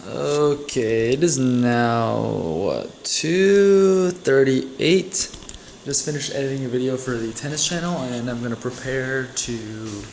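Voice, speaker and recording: A man's voice: mid-range voice, unhurried, gravelly, few pauses, slight background noise. A young man casually narrating his day's food while making coffee at home, chatty and rambling, often correcting himself. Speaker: vlogger. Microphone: camera mic.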